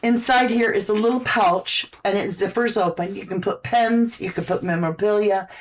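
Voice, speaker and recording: A woman's voice: medium pitch, normal speed, a little hiss or hum. A woman hosting a casual live-stream, chatting folksily about products and reading out viewer comments, a little out of breath.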